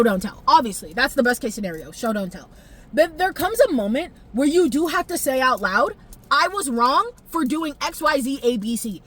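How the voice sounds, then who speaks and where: A young woman vlogger recapping an episode in casual, animated chat, swearing freely, laughing often and jumping high when excited. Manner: expressive, profane, laughs often, jumps pitch when excited. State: tearful at times.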